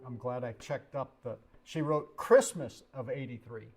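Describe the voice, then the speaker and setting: Man, trivia reader on a casual show, halting and self-mocking. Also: mid-range voice, soft background music. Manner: reads haltingly, stumbles over words, jokey asides. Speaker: co-host reading trivia questions. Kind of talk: reading trivia on a livestream.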